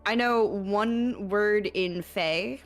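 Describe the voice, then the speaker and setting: A woman's voice: medium pitch, very slow. A woman playing in a tabletop game, speaking hesitantly and repeating words as she stammers. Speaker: player. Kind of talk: tabletop role-play chat. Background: faint music.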